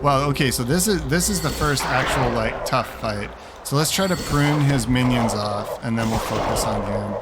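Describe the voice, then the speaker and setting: A man's voice: medium pitch, moderate pace, hardly any pauses, loud music behind the voice. A man hosting a let's play, giving casual, rambling commentary full of sarcasm and swearing. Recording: commentary with background game noise.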